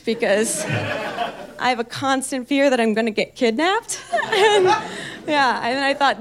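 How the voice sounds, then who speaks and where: A young woman tells a long comic story on stage in a high, bright register. She talks in a loose, chatty way, mocks herself, and laughs through her own lines. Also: takes it slowly, long pauses, crowd noise. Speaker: stand-up comedian. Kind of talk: stand-up storytelling.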